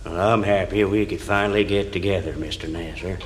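A man's voice: low voice, fairly even intonation, fairly quick, close to an everyday voice. A man playing a folksy male president in a comedy sketch. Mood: jovial. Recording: loud noise, old comedy record.

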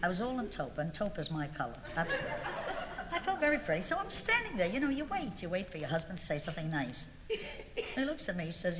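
A woman comic storyteller performs a monologue for a live audience, confiding and aggrieved, building into indignant outbursts. Her lowish voice is sing-song and quick. There's a long reverb tail and background noise.

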